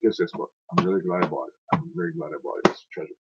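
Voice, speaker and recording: A man's voice: low-pitched, steady tone, racing, husky. A tired man who reads poems aloud, then rambles and corrects himself as he stumbles over words. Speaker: poetry reader. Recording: dull lo-fi sound, dry.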